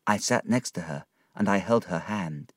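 A man narrating a storybook in a measured, expressive reading style. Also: sits low, dry recording, clean studio sound.

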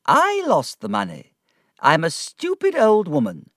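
A man voicing a flustered elderly aunt in a read-aloud story, in a high, fluttery voice. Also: huge pitch swings, measured pace, fairly bright tone, no echo, studio quality, exaggerated voice.

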